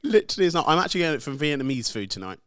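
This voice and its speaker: A man's voice: on the high side, sing-song, rapid-fire, sharp tone, no room sound. A man co-hosting a casual podcast chat, joking and rambling with lots of fillers. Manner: chatty and jokey, many fillers. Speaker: podcast co-host. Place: podcast studio.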